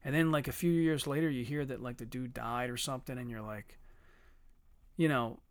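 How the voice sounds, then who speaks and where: A man's voice: medium pitch, moderate pace, clear, resonant tone, dry recording. A man talking bluntly and with a lot of swearing, telling stories in a casual podcast chat. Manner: blunt, profane, animated storytelling.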